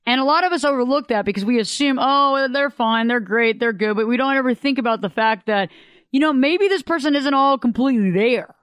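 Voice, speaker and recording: Male advice speaker, high and clear, dry close sound, animated delivery. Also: quick pace, dry recording. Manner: animated, acts out quoted voices. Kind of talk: casual advice monologue.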